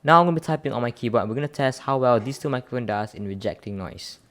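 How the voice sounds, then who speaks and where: A man's voice: mid-range voice, animated, racing, a bit bright, a little hiss or hum. A man giving a casual product review, explaining things in a chatty way and addressing viewers as you guys, recorded close on a studio microphone. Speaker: tech reviewer.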